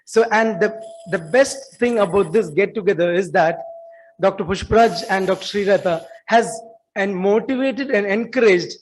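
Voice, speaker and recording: High-voiced man giving a halting welcome speech. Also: a little hiss or hum, poor audio. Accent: Indian English. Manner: earnest, halting with many fillers and restarts. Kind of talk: formal welcome speech at an alumni meet. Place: auditorium.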